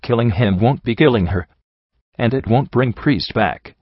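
A man voicing a weary, soft-hearted female pony heroine in an even, gentle voice. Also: mid-range voice, a little slow, no echo, lightly acted. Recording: dry, slightly dull home recording.

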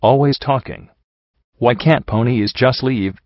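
A man's voice: mid-range voice, unhurried, no echo, dull audio, close to an everyday voice. A man voicing a bitter old male dog chieftain with augmented limbs, growling and grumbling in broken grammar for an audiobook story.

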